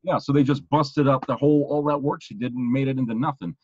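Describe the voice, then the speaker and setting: A man's voice: mid-range voice, steady tone, fast talker, darkish tone, slightly rough, no echo, dull audio. A man co-hosting a podcast in casual, rambling chat, often restarting his phrases. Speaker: podcast co-host.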